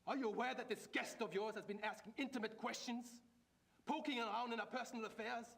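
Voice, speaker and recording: A man's voice: very high-pitched, fast talker, creaky, fairly bright tone, exaggerated voice. An actor playing a suspicious, indignant male club member who talks in an accusing, hostile way in a video game.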